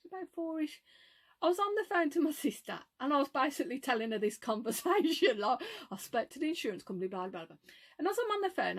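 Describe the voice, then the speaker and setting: A middle-aged woman with a Brummie accent tells a story to her vlog camera in an animated way. Her voice sits high and swoops up and down as she acts out both sides of each phone call, with laughs along the way. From Birmingham, England. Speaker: vlogger. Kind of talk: casual chat storytelling.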